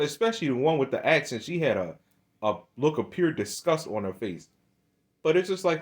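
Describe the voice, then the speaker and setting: In a religious video, a man preaches a monologue in a sing-song voice at a slightly fast clip. He begins low and hesitant, then becomes heated and emphatic, restarting his sentences many times.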